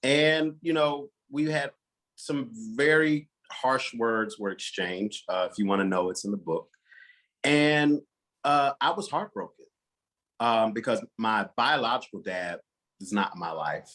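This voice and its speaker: A man telling his coming out story as a guest, animated and acting out the voices of his relatives. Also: on the low side. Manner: animated, acts out quoted relatives. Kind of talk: personal storytelling.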